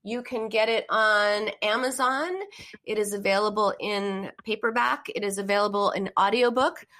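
A woman's voice: medium pitch, fairly even intonation, moderate pace, fairly bright tone. A middle-aged woman hosting a call-in live stream as a therapist, talking in an earnest, encouraging way. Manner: earnest and encouraging, acts out emotional phrases. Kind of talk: casual live-stream advice talk.

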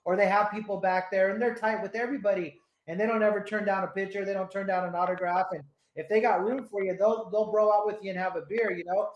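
A man's voice: sits high, fairly even intonation, fast, hardly any pauses, highs cut off. A man hosting a casual radio chat, laid-back and rambling, swearing often as he tells stories. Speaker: radio host. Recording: roomy echo.

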